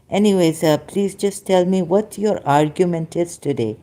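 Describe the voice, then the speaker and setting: A woman with a fairly low, dark-toned voice argues about religion at a normal speed with few pauses. She is an ex-Muslim debater in a heated religious debate, dramatic and prone to interrupting herself, with frequent apologetic asides.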